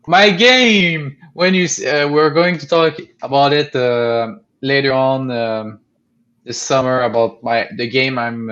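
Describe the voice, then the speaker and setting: Halting young man on a lo-fi mic. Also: mid-range voice, a bit bright. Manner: halting, many fillers, blunt. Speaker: podcast co-host. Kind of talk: casual chat. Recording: dull lo-fi home recording.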